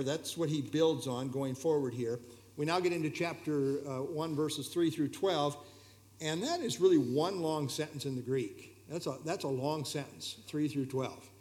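A man leading an evening Bible study, explaining verses in a relaxed, conversational way with frequent hesitations and fillers. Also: medium pitch.

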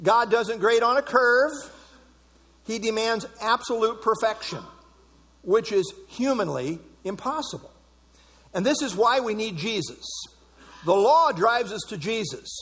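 A male preacher with a high voice delivers an emphatic sermon and repeats key words for stress. His voice rings with a long reverb in a large hall. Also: expressive, measured pace, fairly bright tone, slightly rough. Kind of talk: expository sermon.

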